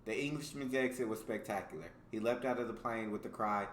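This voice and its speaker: A man's voice: on the low side, brisk, roomy sound. An American man hosting a reaction video, reading jokes aloud in casual commentary and laughing often between them. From United States.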